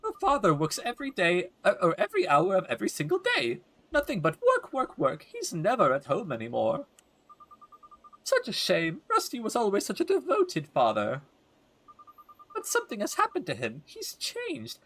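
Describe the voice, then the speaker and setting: A man's voice: high-pitched, huge pitch swings, normal speed, a bit bright, pitched above the performer's own voice, full character voice. A man voicing a nosy, chatty older housewife who gossips about the neighbors in a fussing, sugary way. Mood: gossiping.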